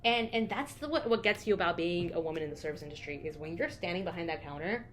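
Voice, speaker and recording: A woman's voice: fairly low pitch, animated, fast, a little hiss or hum. A young woman co-hosting a podcast, telling candid stories in casual chat and swearing freely. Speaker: podcast co-host.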